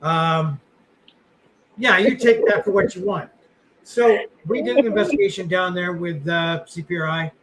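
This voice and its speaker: A man's voice: sits high, moderate pace, over a noisy crowd, low-quality recording. A man co-hosting a podcast, chatting casually in a rambling, blunt way with lots of fillers and the odd curse. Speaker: podcast co-host.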